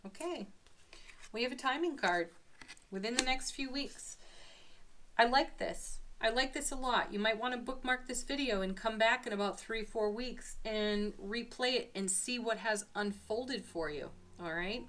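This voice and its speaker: A woman doing a spiritual tarot reading to camera, gentle and enthusiastic, with soft laughs between cards. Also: fairly high pitch, measured pace, slight background noise. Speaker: tarot card reader.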